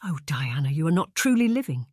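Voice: medium pitch, fairly quick, dry recording, studio quality, natural voice. Narrator doing a fretful, coaxing lady friend. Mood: earnest. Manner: earnest, coaxing delivery. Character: anxious, well-meaning female friend. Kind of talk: audiobook character reading.

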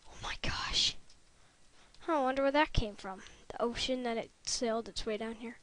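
A woman's voice: a little high, a little fast. A female gamer chatting casually through her gameplay at a home computer, rambling and correcting herself as she goes, into a desktop microphone. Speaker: gameplay video maker.

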